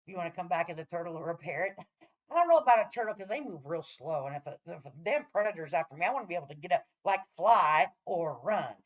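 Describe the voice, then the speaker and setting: A woman's voice: lowish voice, expressive, quick pace, rough recording. Vlogger, middle-aged woman, rambling and heated, swears freely, keeps asking viewers "all right?". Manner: talks to viewers with repeated "all right?" check-ins. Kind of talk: casual rant to camera.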